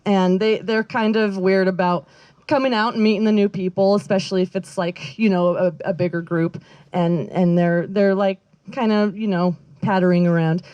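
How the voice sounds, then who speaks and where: A woman's voice: mid-range voice, steady tone, normal speed, clean tone, dry recording, muffled recording. Rambling, giggly woman doing stand-up. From Northern California. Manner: rambling, self-deprecating, lots of fillers and laughs. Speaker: stand-up comedian. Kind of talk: stand-up comedy set. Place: outdoor backyard comedy show.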